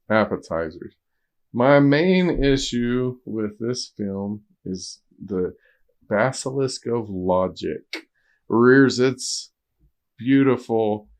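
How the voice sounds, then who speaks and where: Male podcast co-host, deliberate pace, dry and sarcastic delivery. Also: lowish voice, darkish tone. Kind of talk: casual film discussion.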